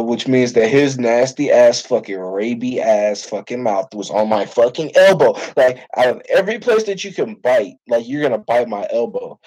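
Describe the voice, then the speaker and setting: A young college football player tells a story straight to camera, husky and a little rough around the edges. He talks in animated, slang-heavy bursts with plenty of swearing, at an ordinary middle pitch. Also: poor audio. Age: young adult.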